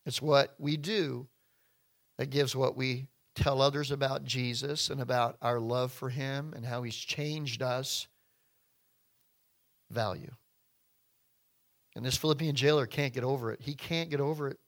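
Impassioned, bright-voiced male preacher. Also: medium pitch, unhurried, pauses often. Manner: impassioned, swinging from hushed to loud; addresses listeners as folks and friends. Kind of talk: sermon.

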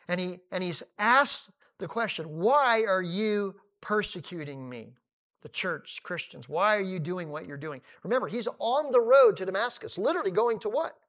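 A man preaching a sermon, animated, retelling a story and acting out the people in it. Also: fairly high pitch. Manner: animated, acting out quoted dialogue.

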